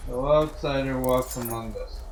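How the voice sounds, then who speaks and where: A man's voice: mid-range voice, steady tone, background noise. A man streaming a game with casual, joking commentary. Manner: joking, rambling, slow. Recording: echoey room with game music.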